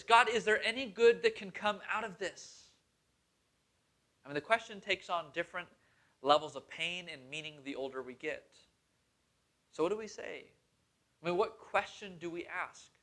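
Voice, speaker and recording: Earnest bright-voiced young pastor. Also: male voice, high voice. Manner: earnest, conversational, with a laugh now and then. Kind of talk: sermon storytelling.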